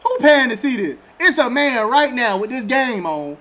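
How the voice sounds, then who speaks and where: A man commenting on his own football video game as he plays, excitable and trash-talking, often breaking into laughter. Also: extremely high pitch, normal speed. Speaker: gaming YouTuber. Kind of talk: live gameplay commentary.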